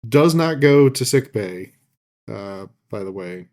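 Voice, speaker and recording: A man's voice: fairly low pitch, slow pace. A man co-hosting a podcast, casually recapping a show's plot with plenty of ums and uhs. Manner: relaxed, loose plot recap with many fillers. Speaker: podcast co-host recapping an episode. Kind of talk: casual chat.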